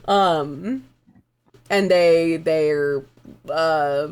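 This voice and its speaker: A woman's voice: low voice, extremely slow, darkish tone, clear, resonant tone. A woman narrating as game master, casual and chatty, with frequent laughs and fillers.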